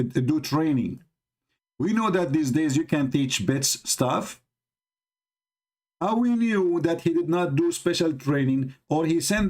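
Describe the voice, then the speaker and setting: A man's voice: on the high side, darkish tone. A man from the Middle East, a native Arabic speaker, hosting a live stream and mocking a video with rhetorical questions in broken English. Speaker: host of a religious debate live stream. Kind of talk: sarcastic live commentary on a video.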